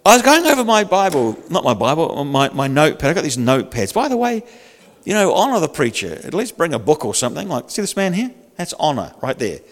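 An older man preaching a sermon in a lively, humorous, conversational way. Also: on the high side, brisk, long reverb tail. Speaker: pastor.

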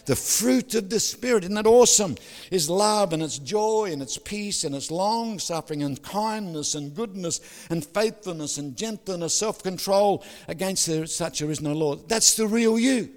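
Older pastor preaching, joking. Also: male voice, sits high, expressive, moderate pace. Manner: jokey, storytelling, with sudden loud outbursts. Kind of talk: sermon. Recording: hall reverb.

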